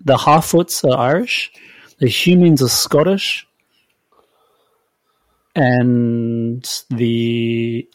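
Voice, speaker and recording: A man's voice: mid-range voice, fairly even intonation, extremely slow, long pauses, no room sound. Dry-voiced man hosting a review podcast. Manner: chatty, hedging with fillers. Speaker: podcast host. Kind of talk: casual TV review chat.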